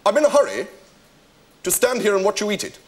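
A plummy, deadpan upper-class art critic. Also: male voice, sits high, fast, a little hiss or hum. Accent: upper-class English. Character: posh, oddly literal male art critic customer. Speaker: sketch actor. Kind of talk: sketch comedy. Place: television studio with audience.

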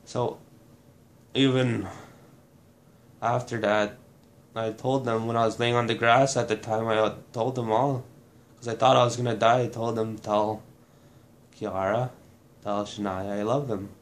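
A man from Manitoba, Canada, giving a personal testimony in a halting, restarting way, blunt and swearing at times. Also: medium pitch, level tone. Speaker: burn survivor telling his story.

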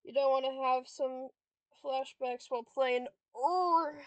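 A woman's voice: sits high, monotone, measured pace, clear, resonant tone, no room sound. A young woman casually commentating her own board game play, frustrated, swearing and talking to herself. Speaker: streamer playing a board game.

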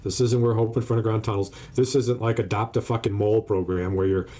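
A man's voice: fairly low pitch, fairly even intonation, quick pace, mellow. A man co-hosting a podcast in casual comedic chat, telling profane, ranting stories. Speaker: podcast co-host.

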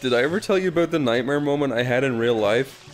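A man's voice: medium pitch, fast talker, faint music behind. A man telling a story in a casual chat, acting out what each person said. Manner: animated, acts out quoted lines. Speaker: podcast regular.

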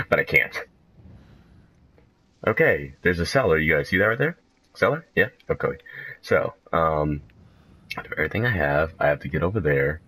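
A man doing let's play commentary, jumpy and profane, joking at himself and shrieking high whenever something startles him. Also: expressive, moderate pace, pauses often, fairly bright tone. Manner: profane, joking, self-mocking. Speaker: gaming channel host.

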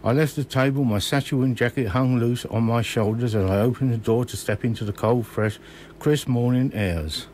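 A man in his sixties from Kent, reading his own memoir slowly and measuredly in a radio studio. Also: mid-range voice, darkish tone, a little hiss or hum.

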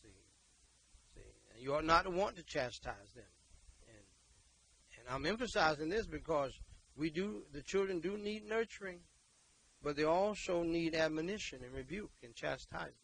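A man, preaching a sermon and leading prayer, emphatic and repetitive, moving between loud exhortation and quiet talk. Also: a little high, expressive, moderate pace, rough recording.

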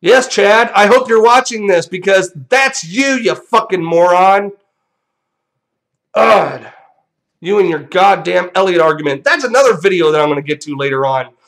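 A man's voice: high voice, animated, moderate pace, gravelly, fairly bright tone. A young man hosting a vlog, delivering a profane, combative rant straight to viewers. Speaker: channel host.

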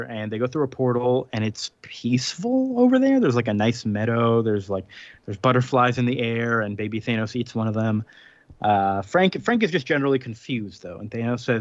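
Casual male podcast co-host, rambly storyteller with fillers, mid-pitched, muffled dry mic. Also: lively intonation, no echo. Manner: rambling recap with frequent fillers and quick laughs. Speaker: podcast co-host recapping comics. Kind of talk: casual chat.

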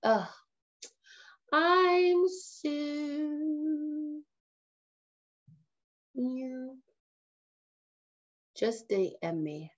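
An excitable woman chatting her way through a live tutorial, her voice bouncing up and down as she giggles at her own ideas. She speaks slowly and brightly from a higher register. The stream audio sounds dull and lo-fi. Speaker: trainer hosting a live session. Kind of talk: casual livestream tutorial.

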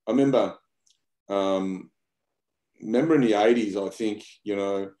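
A man's voice: on the low side, measured pace, dark tone. An Australian man talking in a casual interview, rambling and blunt, often repeating his words and using slang. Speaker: interview guest. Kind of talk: casual conversation.

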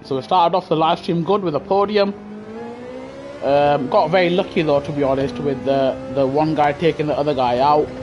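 A man talks through a gaming headset while streaming a racing game from his home setup. His voice sits a little high. He is casual, excitable and effusive, gushing at his viewers, with a faint hiss behind him. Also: normal speed, highs cut off.

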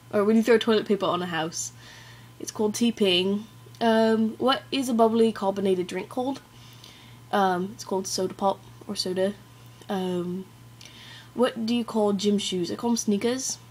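An American woman putting on an exaggerated, halting fake British accent into a webcam during a vlog challenge. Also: fairly high pitch. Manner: overdone, halting, self-conscious.

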